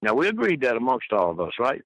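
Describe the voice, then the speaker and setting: An older man, a podcast guest, telling long rambling stories full of fillers and mimicking the people he quotes in high voices. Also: wildly swooping pitch, quick pace, a bit bright, dry recording, poor audio. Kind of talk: storytelling interview.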